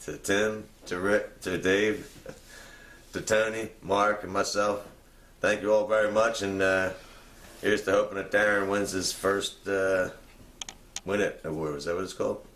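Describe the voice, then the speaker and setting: A man anchoring a spoof news show in a deadpan delivery, with a light chuckle now and then. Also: low-pitched, a little slow. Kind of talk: mock newscast. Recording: echoey room with faint ambience.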